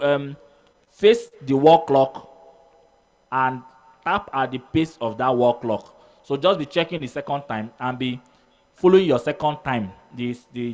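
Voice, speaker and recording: Halting Nigerian choir teacher, male. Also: mid-range voice. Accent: Nigerian English. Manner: hesitant, halting, many fillers, sings out beats. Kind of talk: informal music theory lesson.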